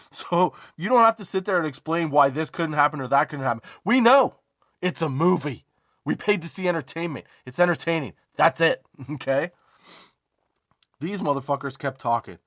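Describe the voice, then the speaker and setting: A man hosting a comedy podcast, telling a story as a profane, emphatic rant, drawn-out emphasis and rhetorical asides like "okay?". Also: fairly high pitch, fairly bright tone, dry recording, studio quality. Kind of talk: comedic ranting monologue.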